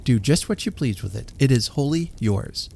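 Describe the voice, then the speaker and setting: A kindly missionary from an old storybook, speaking gently and a little above a man's usual pitch, read by a male narrator. His voice is soft, gravelly and lively in pitch. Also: moderate pace.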